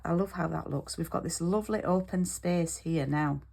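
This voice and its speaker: A woman's voice: lowish voice, normal speed, gravelly, darkish tone, husky. A British woman demonstrating card making in an online class, chatty and step by step, checking in with "okay?" as she goes.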